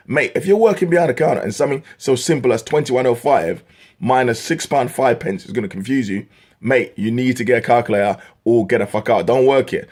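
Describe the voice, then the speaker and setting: A man's voice: mid-range voice, fairly quick, a little mellow. A young man from England ranting to camera in an exasperated, swearing comic style, his voice jumping up when worked up. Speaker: vlogger.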